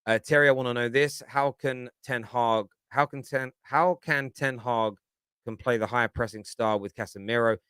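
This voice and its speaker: A British man on a fan show talks football as a pundit, opinionated and casual, rambling, repeating words and restarting his thoughts while constantly asking "do you know what I mean." His voice sits at a medium pitch with a steady, fairly bright and clean tone at normal speed, recorded without echo.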